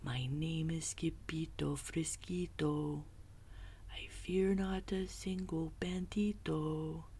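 Storybook kitten hero, small and shaky but trying to sound brave, low and husky, as a woman reads him. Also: steady tone, slow, dark tone, exaggerated voice. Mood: timid. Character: small timid Siamese kitten dreaming he is a sword-fighting dog.

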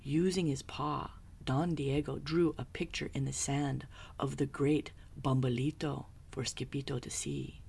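Storybook narrator: woman, low-pitched, unhurried, husky, hushed whispery telling. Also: little pitch movement. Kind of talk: children's picture book reading.

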